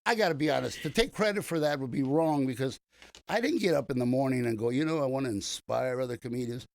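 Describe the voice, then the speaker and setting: A man's voice: mid-range voice, fast, creaky, a little mellow, no room sound, clean studio sound. Rambling older man telling stories. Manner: rambling, many restarts and fillers. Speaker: comedian guest. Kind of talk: casual storytelling interview.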